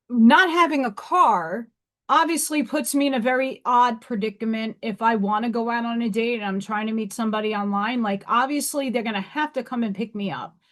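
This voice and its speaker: A woman's voice: on the high side, a bit bright. A woman from New York hosting a casual livestream, talking frankly and emphatically to her viewers. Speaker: livestream host.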